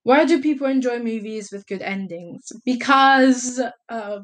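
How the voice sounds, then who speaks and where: A woman's voice: fairly high pitch, a little slow, a bit bright. A young woman from Italy answering casual vlog questions, rambling and hesitant, with lots of fillers and self-corrections. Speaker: vlogger.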